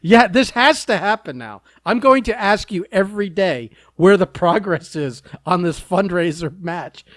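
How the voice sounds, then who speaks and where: A man with a slightly high voice jokes eagerly with his co-host. His voice sounds dry and close, with no room echo. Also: lively intonation, measured pace, hardly any pauses, a bit bright. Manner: teasing, eager, laughs often. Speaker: podcast co-host. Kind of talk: casual chat.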